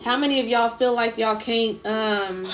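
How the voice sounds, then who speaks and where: A woman's voice: fairly high pitch, steady tone, normal speed, heavy background noise. A woman speaking in on a casual livestream, preaching about emotions in an impassioned way and repeating her phrases. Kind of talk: casual live-stream talk.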